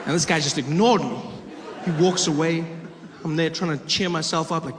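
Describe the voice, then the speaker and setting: A high-voiced male comedian tells a story on stage, animated and acting out the people in it. The sound rings in a large hall, with the audience's noise clear behind him. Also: normal speed, a crowd in the background. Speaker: stand-up comedian. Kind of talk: stand-up storytelling. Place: theater stage before a live audience.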